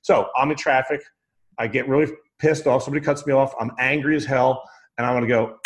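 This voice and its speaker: Speaking quickly in a steady, medium-pitched tone, a man describes a mindset method in an emphatic, chatty style. He repeats ideas, acts out his thoughts in quotes, and often restarts while asking "right?"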